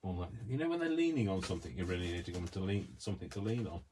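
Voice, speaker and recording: A man's voice: sits low, big pitch swings, rapid-fire, a little mellow, slight background noise. A man hosting a crafting video, chatting in a rambling, self-deprecating way as he works. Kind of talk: casual chat while crafting.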